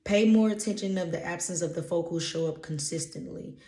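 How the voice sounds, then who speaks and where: Woman, Louisiana accent, low-pitched, emphatic and preachy, echoey room. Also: brisk, mellow. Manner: emphatic, preachy, blunt with casual swearing. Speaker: intuitive energy reader. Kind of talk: motivational channeled-message vlog.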